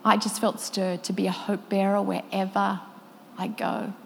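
A woman giving an earnest, reflective devotional talk to a group of women, now and then slipping into soft prayer. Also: medium pitch, steady tone, moderate pace, vocal fry, a little hiss or hum. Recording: long reverb of a hall.

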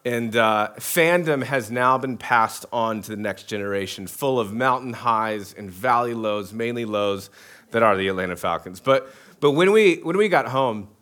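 A man's voice: mid-range voice, expressive, moderate pace, a bit bright. Joking preacher man, many restarts. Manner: casual, joking, many restarts, asks the crowd. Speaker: pastor. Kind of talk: sermon.

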